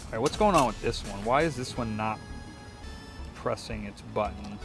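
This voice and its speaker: A man's voice: normal speed, music in the background. Rambling man telling a story at his repair bench. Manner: rambling storyteller, swears, mimics people in higher voice. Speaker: repair shop vlogger. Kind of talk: casual chat while repairing a controller.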